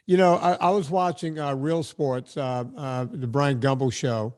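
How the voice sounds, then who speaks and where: A man hosting a podcast interview, talking in an animated, emphatic way and often repeating words as he gets going. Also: mid-range voice, a little slow. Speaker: podcast host. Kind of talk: casual conversational interview.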